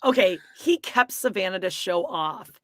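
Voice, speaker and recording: A woman podcast co-host at a middle pitch, recorded close and dry with no room sound. She chats casually and drops sarcastic, teasing asides. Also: expressive, normal speed, a bit bright, dry recording. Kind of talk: casual chat.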